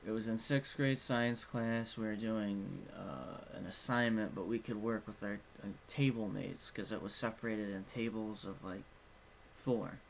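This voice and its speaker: A man's voice: lowish voice, fairly even intonation, unhurried, vocal fry, slight background noise. A young man telling a personal story in a casual vlog, rambling and frank, swearing now and then. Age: young adult. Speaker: vlogger.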